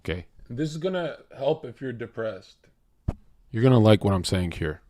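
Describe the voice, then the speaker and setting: A man rants to his livestream chat in a brash, profane way. He jumps from shouting to near-whispered asides. The sound is dry and close, with no room echo. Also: sing-song, normal speed. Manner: brash, profane, swings from loud shouting to low murmuring. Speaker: streamer.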